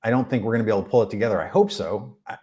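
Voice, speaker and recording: A man with a fairly low voice talks loosely to his live-stream viewers and drifts from one topic to the next. He fills his pauses with plenty of ums and uhs and keeps a laid-back, unhurried flow. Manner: rambling, relaxed, many fillers. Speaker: music channel host. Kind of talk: live stream chat answering questions. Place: rented room abroad.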